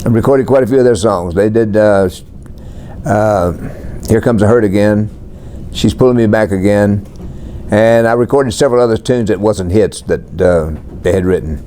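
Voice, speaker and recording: Old guy in his 80s, low mellow voice, easygoing storyteller. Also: normal speed, a little hiss or hum. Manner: laid-back, plainspoken, lists things matter-of-factly. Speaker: country singer being interviewed. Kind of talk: relaxed storytelling interview.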